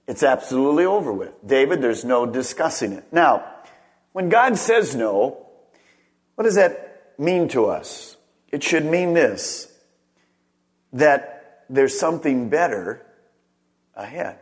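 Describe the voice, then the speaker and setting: A middle-aged man, a pastor, preaching a sermon. He swings between raised, emphatic phrases and hushed ones, and puts questions straight to the congregation. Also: medium pitch, big pitch swings, slow pace, long pauses. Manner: asks the congregation questions directly.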